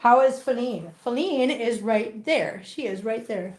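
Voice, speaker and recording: Woman, casual livestream chat, baby-talk to cats, fairly high voice, at home. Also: expressive, measured pace, a little mellow. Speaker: host of a cat-care livestream.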